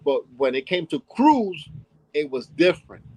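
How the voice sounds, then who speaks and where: A man with a New York accent tells stories in an animated way and slips into other voices as he goes. His voice sits a little high for a man. The sound is dry and close. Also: measured pace, dry recording, low-quality recording. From Brooklyn, New York. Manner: animated storyteller, acts out voices, many "you know what I'm saying". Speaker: interview guest, hip hop dance pioneer. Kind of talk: storytelling interview.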